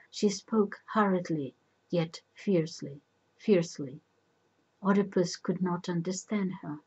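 Woman reading an old myth real slow, husky voice, muffled lo-fi audio. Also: on the low side, darkish tone. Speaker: narrator.

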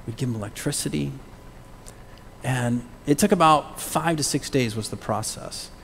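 A middle-aged male pastor preaching a sermon, animated, moving between loud calls and hushed whispers and prompting the congregation to say words aloud. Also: mid-range voice, normal speed, gravelly, a little hiss or hum. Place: church sanctuary. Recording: long church reverb.

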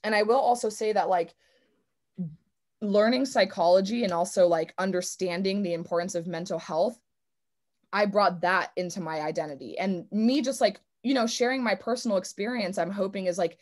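A woman's voice: mid-range voice, fairly quick. Earnest young woman speaker. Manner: casual, earnest, many "like" fillers. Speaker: guest speaker, swimmer. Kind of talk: online convention talk.

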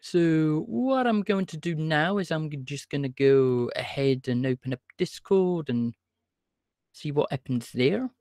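A man's voice: a little high, measured pace, darkish tone, no echo, clean studio sound. A man hosting a livestream, chatting casually and greeting his viewers by name. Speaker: livestream host calling scammers.

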